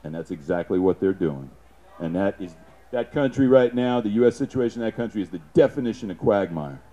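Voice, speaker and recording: A man giving an impassioned, profane public speech, punctuated with shouted sound effects. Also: lowish voice, expressive, brisk, lo-fi sound.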